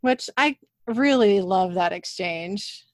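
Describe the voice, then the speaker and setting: A woman's voice: mid-range voice, animated, slow pace, no echo, studio quality. A woman co-hosting a podcast who chats casually and reads scene lines aloud with small laughs while recapping an episode. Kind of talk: casual chat and plot recap.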